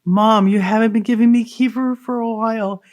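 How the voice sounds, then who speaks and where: A woman's voice: a little high, fairly even intonation, normal speed, darkish tone, voice pushed up, natural voice. A woman voicing a crying seven-year-old boy as she tells a story. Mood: pleading. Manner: pleading, crying.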